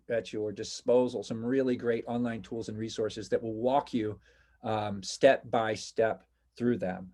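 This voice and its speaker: A college instructor teaches a class online over a video call, chatting casually and reassuring his students while encouraging their questions. His voice is mid-range with a darkish tone.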